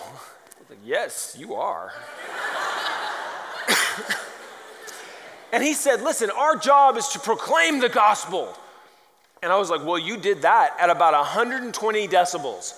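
A man preaching a sermon, telling a story in a lively, rambling way and often poking fun at himself. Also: sits high, moderate pace. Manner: animated, rambling and self-mocking. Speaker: pastor. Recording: long hall reverb.

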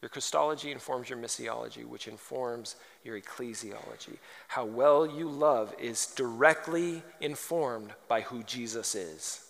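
A man's voice: mid-range voice, a little slow, gravelly, few pauses, a bit bright. A man preaching a sermon, firing off rhetorical questions and telling humorous stories. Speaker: pastor. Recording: long hall reverb.

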